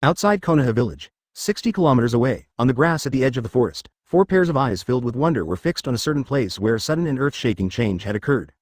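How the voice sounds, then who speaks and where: A male narrator reading a fan story in an even, machine-like way. He moves fast with a lively pitch. The sound is dry and close. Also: dry recording.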